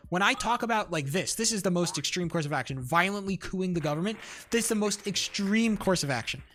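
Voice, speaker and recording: A man's voice: sits high, lively intonation, fast, fairly bright tone. A young man streamer ranting in casual chat, heated and rambling, full of fillers, restarts and swearing. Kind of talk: casual livestream rant. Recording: faint music behind.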